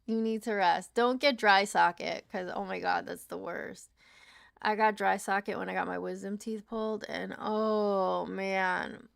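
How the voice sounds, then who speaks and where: A woman's voice: mid-range voice, steady tone, unhurried, vocal fry, dry recording, studio quality. A tired young woman chatting casually to her livestream chat, laughing often and swearing freely.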